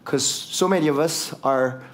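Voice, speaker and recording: A man preaching a sermon as pastor, switching between English and Korean and growing fired up, rising to shouts for emphasis. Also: fairly high pitch, unhurried. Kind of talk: bilingual sermon.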